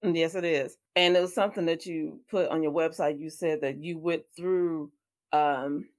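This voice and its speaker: A woman interviewer, warmly affirming her guest and asking faith-based questions. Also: deep voice, steady tone, moderate pace. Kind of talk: conversational interview.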